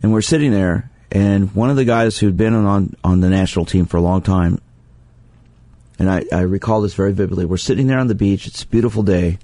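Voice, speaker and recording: A man's voice: low-pitched, a little fast, mellow, no room sound. A man who is a sports psychologist hosting a call-in radio show, speaking earnestly and with emphasis, repeating his key phrases. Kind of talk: radio talk monologue taking calls.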